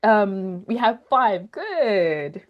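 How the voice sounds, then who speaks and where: A teacher trainer on a video call, presenting a webinar and working through practical steps with examples in an upbeat manner. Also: female voice, medium pitch, expressive, unhurried, lo-fi sound. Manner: upbeat, explains step by step with examples.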